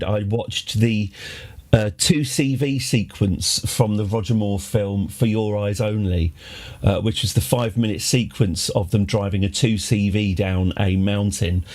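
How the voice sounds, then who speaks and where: A man's voice: fairly low pitch, a little mellow. A man chatting casually on a live stream, rambling and wry, with many restarts. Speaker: game streamer.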